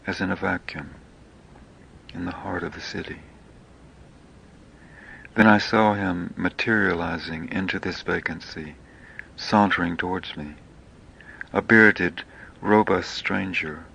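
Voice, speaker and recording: A man reading his own poetic memoir in slow, hushed, half-whispered phrases. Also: deep voice, gravelly, slight background noise.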